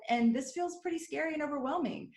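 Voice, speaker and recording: A woman's voice: high voice, quick pace, darkish tone. A woman hosting a podcast, chatting earnestly and sharing family stories. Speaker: podcast host. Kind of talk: casual podcast conversation. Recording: roomy echo.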